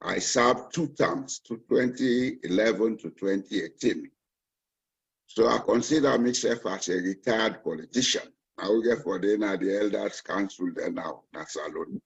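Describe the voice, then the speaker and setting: A man in his sixties from Sierra Leone, with a Sierra Leonean accent, answering interview questions in a measured, self-assured way. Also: fairly low pitch, creaky, husky, highs cut off. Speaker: party chairman candidate.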